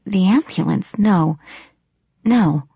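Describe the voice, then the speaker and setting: A woman reading the part of an injured, dazed mother who gently insists she is fine, in a dull, dry lo-fi recording. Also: mid-range voice, takes it slowly, vocal fry, husky, dry recording, heavily acted. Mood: insistent. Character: hurt, dazed mother brushing off worry.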